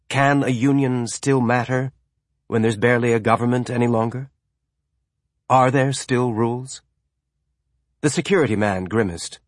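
Man reading an audiobook, steady and measured, mid pitch, dry close mic. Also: no echo. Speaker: audiobook narrator. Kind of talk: scripted narration.

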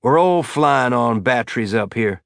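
A man voicing an easygoing male pilot with a slow, exaggerated Southern drawl. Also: mid-range voice, animated, vocal fry, a bit bright, no echo, studio quality. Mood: wry. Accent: Southern US drawl, put on.

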